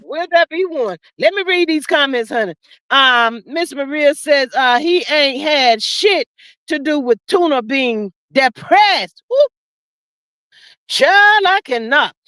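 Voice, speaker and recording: A woman's voice: high voice, animated, slow, a bit bright, dry recording. A woman hosting a casual livestream, reading out chat comments in a drawling, sassy, preachy way. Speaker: livestream host.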